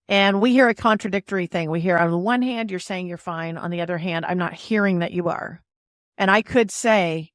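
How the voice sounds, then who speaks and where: A woman's voice: lowish voice, fairly quick, no room sound, studio quality. A woman hosting a podcast, explaining ideas in a casual, playful way and leaning on emphasis. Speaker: podcast host.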